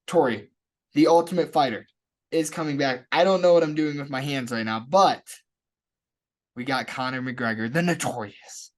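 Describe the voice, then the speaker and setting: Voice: mid-range voice, moderate pace. A podcast co-host in casual chat, upbeat and joking while plugging the show. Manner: upbeat, jokey, plugs the show.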